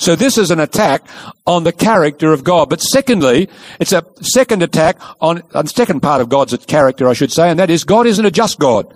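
A man preaching a sermon, telling the story in a lively way and acting out the quoted speech. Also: on the high side, brisk.

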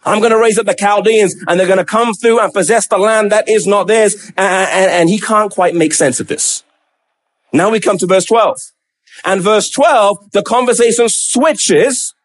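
A man preaching a sermon, acting out a prophet's pleading questions and dropping low and slow to stress key words.

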